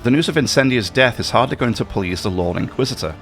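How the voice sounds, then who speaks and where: A man's voice: mid-range voice, lively intonation, quick pace, fairly bright tone, faint music behind. A man reading a cold scheming conspirator. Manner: reads game dialogue aloud in a level tone. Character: scheming male station conspirator, cold and persuasive.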